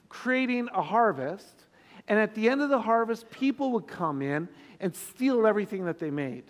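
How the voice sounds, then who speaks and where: A man preaching a sermon, telling a story with earnest repeats and restarts. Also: sits high. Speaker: pastor. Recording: reverberant hall with music underneath.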